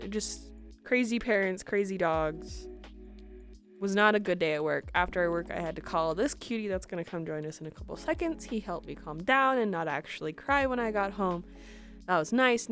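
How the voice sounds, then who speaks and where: A young woman streamer telling a story casually in an animated way, laughing often. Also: medium pitch.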